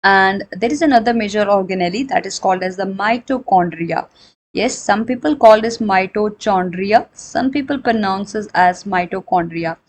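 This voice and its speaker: A woman's voice: medium pitch, normal speed, poor audio. Woman, biology teacher, explanatory lecture, repeats points. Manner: explanatory, repeats and rephrases points, frequent fillers; switches into Hindi for examples. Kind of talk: recorded classroom lecture.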